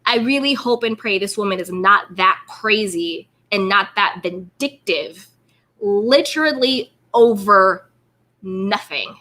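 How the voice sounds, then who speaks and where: A woman's voice: medium pitch, slow, bright, forceful tone. A woman hosting an interview, talking casually and emphatically, leaning heavily on "like" and repeating words. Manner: emphatic, repetitive, fills with "like". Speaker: host.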